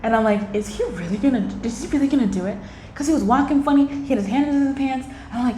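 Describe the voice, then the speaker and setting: A woman's voice: on the high side, fast talker. Chatty woman tarot reader in echoey room. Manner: chatty, animated, slangy, acts out little quoted voices. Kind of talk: casual tarot reading monologue. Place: indoor room by a window. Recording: echoey room with faint ambient noise.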